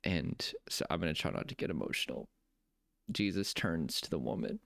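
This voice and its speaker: A man coaching on nervous-system health gives an earnest, heartfelt talk about his faith, slowing down to stress key points. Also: rumbling low, lively intonation, creaky, fairly bright tone, no room sound, studio quality. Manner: earnest, preacherly, slows down for emphasis.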